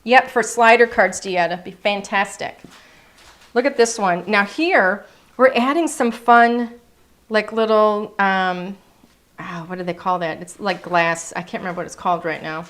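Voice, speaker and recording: A woman's voice: mid-range voice, a little slow, a bit bright. A woman presenting craft products in a casual, chatty showcase, gushing over each item and sometimes hunting for words.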